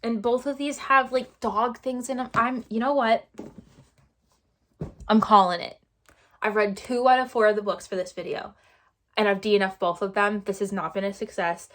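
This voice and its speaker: A woman at an ordinary middle pitch talks through a casual book review vlog. Her delivery is exasperated and sarcastic. She keeps circling back to the same phrases to hammer her points home. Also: steady tone, moderate pace, a bit bright. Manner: exasperated, sarcastic, repeats herself for emphasis. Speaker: book vlogger.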